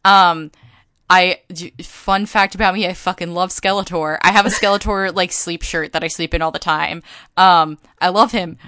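A woman's voice: fairly low pitch, steady tone, normal speed, pushed and bright, smooth, no echo. A woman co-hosting a podcast in casual chat, rambling with plenty of fillers. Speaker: podcast co-host.

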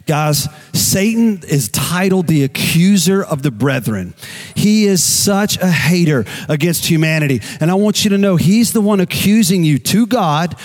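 Animated preaching man, slightly high voice. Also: a little slow. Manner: animated preaching, repeats key phrases. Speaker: pastor. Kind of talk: sermon.

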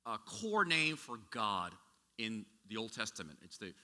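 A man's voice: lowish voice, big pitch swings, measured pace, pushed and bright, in a large hall. A man preaching a sermon as a pastor, talking conversationally with rhetorical questions and frequent restarts.

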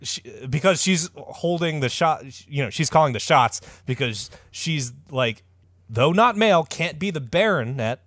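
A man hosting a casual podcast, telling a historical story with animated delivery and plenty of cursing. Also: fairly high pitch, a little slow, no echo, clean studio sound. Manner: animated, lively delivery with sudden voice put-ons.

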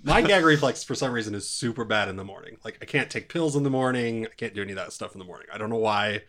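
A man in casual podcast chat, telling crude stories with animated energy. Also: lowish voice, quick pace.

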